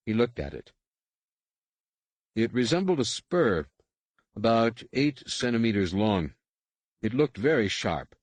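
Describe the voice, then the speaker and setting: A man narrating an unabridged novel in a measured, even storytelling manner, recorded in a studio. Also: lowish voice, dry recording. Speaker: audiobook narrator. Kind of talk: scripted narration.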